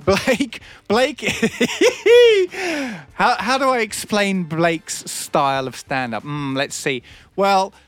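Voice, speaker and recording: A man's voice: sits high, sing-song, drawn-out words, fairly bright tone. A man who does stand-up, hosting a radio show and telling rambling anecdotes, laughing and acting out other people's lines. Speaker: comedian and radio host. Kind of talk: casual radio storytelling. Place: radio studio.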